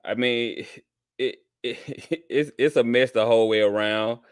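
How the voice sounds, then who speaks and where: A man's voice: medium pitch, fairly even intonation, measured pace, clean tone, dry recording, clean studio sound. A man hosting a call-in show, talking with callers in an easygoing, sympathetic way. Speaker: host.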